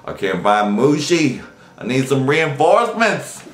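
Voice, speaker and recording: Male vlog host, chatty storyteller who puts on voices; lively pitch, recorded in an echoey room. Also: unhurried. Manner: animated, acts out quoted voices. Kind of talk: casual storytelling chat. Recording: echoey room, faint noise.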